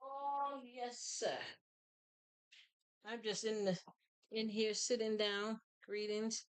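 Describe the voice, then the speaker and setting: A woman hosting a laid-back live stream, talking slowly to her chat and to herself. Her voice is smooth and clean, with a playful, sing-song lilt as she greets people by name. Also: fairly high pitch. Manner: relaxed, talks to herself while doing things. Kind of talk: casual chat with viewers.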